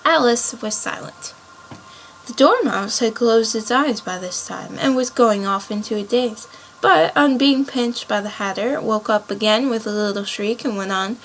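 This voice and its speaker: A woman narrating a storybook aloud, dropping to a quieter, lower voice for the narration. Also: normal speed, slight background noise, poor audio.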